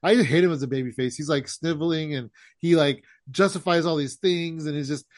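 A man's voice: a little high, brisk, dry recording. Opinionated man, dry close sound. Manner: opinionated, joking. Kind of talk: casual wrestling chat.

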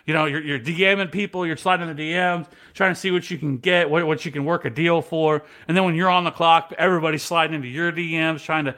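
A man chatting on a fantasy football podcast, with a bright, forceful voice that sits a little high for a man. He swears freely and tells his stories with animated energy. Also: quick pace, few pauses. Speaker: podcast co-host. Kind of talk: casual podcast chat.

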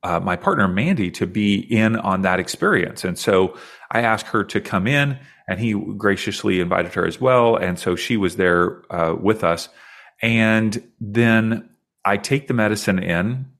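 Talking a little slowly with a fairly bright tone, this podcast guest in his forties shares something deeply personal. His manner is earnest and reflective throughout the conversation.

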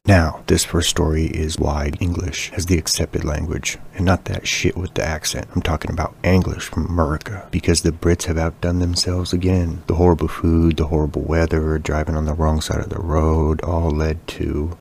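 A man's voice: very deep voice, flat delivery, moderate pace, vocal fry, few pauses, a little mellow, slight background noise. A man hosting a comedy podcast, talking in a crude, sarcastic, ranting way. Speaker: podcast host.

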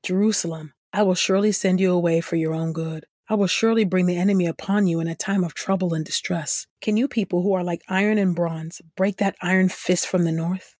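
Female scripture reader, husky mid-pitch voice, earnest, close dry studio sound. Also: fairly even intonation, fairly quick, few pauses, a little mellow, dry recording.

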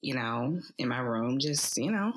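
A woman co-hosts a laid-back podcast from her bedroom, her voice very low with a husky edge. She muses hesitantly and restarts her thoughts often. Her speech is full of likes as she works her way to a point. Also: expressive, a little slow, rough recording. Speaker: podcast co-host. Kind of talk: casual podcast chat.

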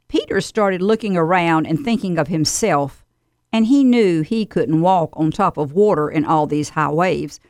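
Woman reading a radio devotional, lowish voice, dry close sound, earnest. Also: unhurried, no room sound. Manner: earnest, steady exhortation.

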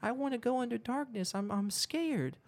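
A man's voice: very high-pitched, moderate pace, creaky, voice pushed up. A man voicing a grown man who whimpers like a frightened small child. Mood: scared.

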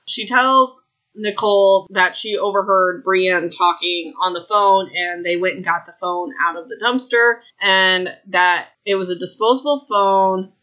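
A woman hosts a podcast, recapping a book in a chatty, excitable way, often stopping to talk to her listeners. Her voice is bright and forward. The recording sounds a little dull and lo-fi. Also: mid-range voice, unhurried. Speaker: podcast host.

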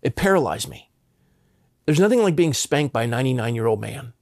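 A man's voice: medium pitch, very animated, fairly quick, a little mellow, no echo, clean studio sound. A man in his fifties from Southern California, telling a personal story as a guest with earnest emphasis and frequent stammered restarts.

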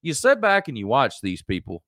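A man's voice: mid-range voice, wildly swooping pitch, normal speed, fairly bright tone, no echo, studio quality. Preachy Southern man ranting. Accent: Southern American. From American South. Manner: preachy, emphatic, repeats lines for effect. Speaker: host. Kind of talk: ranting live-stream commentary.

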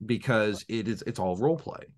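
A man with a fairly low voice chats casually on a podcast at a moderate pace. As a game master he tells rambling stories, often starting over, and acts out the voices of those he quotes with animation.

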